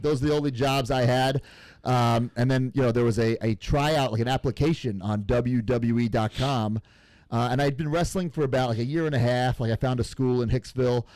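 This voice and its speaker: A man's voice: medium pitch, a little mellow, no room sound. A man in his thirties, a wrestler guest in a casual interview, talking bluntly with lots of swearing. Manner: blunt, profane.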